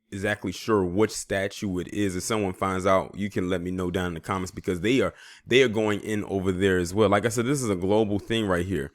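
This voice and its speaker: Man, vlog commentary, casual and relaxed, somewhat low voice, dry room. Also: no room sound. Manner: relaxed, conversational, explaining to viewers. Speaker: vlogger commentator.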